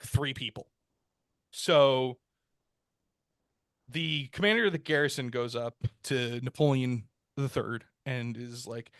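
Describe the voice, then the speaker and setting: A man co-hosting a podcast, casually retelling a history story in a rambling, laid-back way, often saying "um" and "like" and jumping his pitch to act out the people in it. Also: fairly bright tone, no echo, studio quality. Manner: acts out quoted characters with jumps in pitch. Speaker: podcast co-host.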